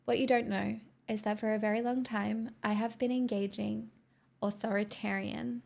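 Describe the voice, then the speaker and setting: A woman's voice: medium pitch, little pitch movement, normal speed, creaky, a little mellow. A woman from the southeastern US hosting a livestream, chatting casually and teasing her viewers as she reads the chat. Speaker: livestream host.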